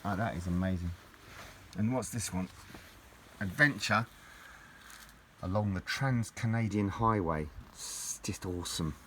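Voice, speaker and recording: A middle-aged man speaks with a fairly low voice. He rambles and gushes, repeating his words as he chats casually. A faint hum of room noise sits under him. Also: unhurried, long pauses, bright, forceful tone. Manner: gushing, rambling, repeats himself. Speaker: collector vlogger opening parcels. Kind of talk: casual unboxing chat.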